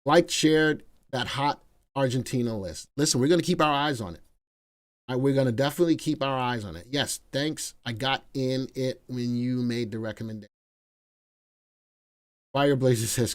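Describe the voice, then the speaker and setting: A man's voice: medium pitch, moderate pace. Playful middle-aged male market show host. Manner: energetic, chatty and playful, breaks into song. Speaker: stock market analyst host. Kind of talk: live stream market commentary.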